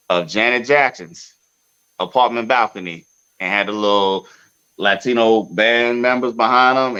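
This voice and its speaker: A man hosting a podcast, telling a long story in a casual, profane way with sudden loud outbursts. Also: on the low side, dull audio. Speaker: podcast host.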